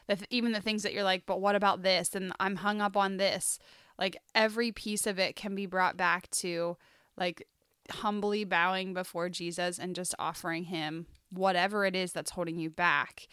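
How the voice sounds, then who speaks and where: Smooth-voiced woman reflecting on faith. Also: fairly low pitch, steady tone, moderate pace, a bit bright, no echo, studio quality. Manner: thoughtful, heavy on "like" fillers. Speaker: podcast co-host. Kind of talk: casual Bible study discussion.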